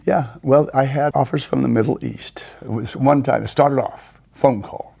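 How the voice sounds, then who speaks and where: An older man hosting a podcast, telling unhurried anecdotes and quoting people in a lowered voice. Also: gravelly, mellow, breathy edge. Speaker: podcast host, storyteller. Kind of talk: casual storytelling interview.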